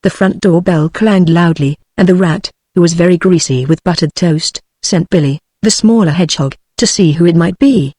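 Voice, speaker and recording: A woman's voice: on the low side, normal speed, hardly any pauses, slightly rough, no room sound. British text-to-speech woman narrating. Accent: British English. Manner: even synthetic reading. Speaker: audiobook narrator. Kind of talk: scripted narration.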